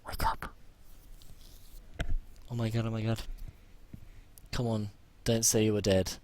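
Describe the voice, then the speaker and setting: A man's voice: on the low side, flat delivery, normal speed, dark tone, slight background noise. A man talking to himself while playing a survival game, swinging from anxious whispered muttering to sudden panicked yelps, often repeating himself. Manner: repeats himself under stress. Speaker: gamer. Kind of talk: live gameplay commentary.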